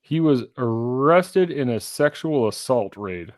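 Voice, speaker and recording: A man co-hosting a podcast, joking and self-deprecating in casual whiskey-tasting chat, with halting restarts. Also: medium pitch, expressive, darkish tone, no echo, clean studio sound. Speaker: podcast co-host.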